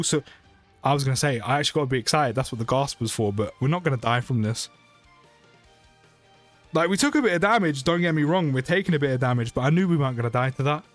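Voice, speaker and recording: A young British man giving chatty, excitable gameplay commentary for his channel, often rambling and correcting himself. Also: a little high. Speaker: mobile game YouTuber.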